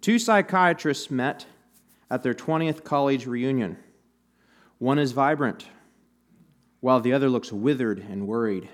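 A male pastor delivers a sermon in a relaxed, conversational voice at an ordinary middle pitch. He leans into anecdotes and light humor while talking to his congregation in a church. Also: unhurried, long pauses.

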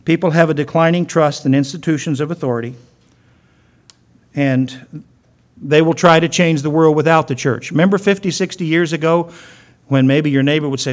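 A male pastor delivers a sermon in a voice pitched a little high. He tells stories and briefly acts out the voices of the people in them. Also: normal speed. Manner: storytelling, acting out quoted voices.

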